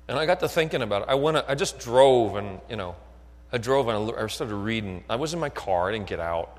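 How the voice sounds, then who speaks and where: A man preaching a sermon who keeps asking his listeners whether they are still with him. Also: sits low. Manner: builds from quiet talk to shouted fervor. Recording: long echo of a hall.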